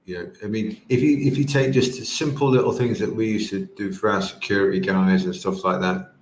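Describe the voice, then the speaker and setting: A deep-voiced man hosts a podcast, chiming in with casual, relaxed remarks. His voice sits in a roomy echo. A faint noise runs underneath. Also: a little fast. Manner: brief, agreeing interjections and relaxed comments. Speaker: podcast host. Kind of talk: casual interview chat.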